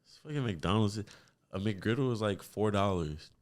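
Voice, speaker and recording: A young man from Texas hosting a podcast, talking in a relaxed, rambling and profane way. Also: on the low side, normal speed. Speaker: podcast host. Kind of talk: casual chat.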